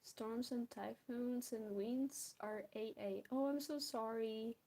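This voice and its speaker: A woman's voice: on the high side, fairly even intonation, slow pace, dark tone. A young woman from Belarus with a Belarusian accent, chatting casually and giggling with viewers while drawing on a stream. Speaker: art streamer.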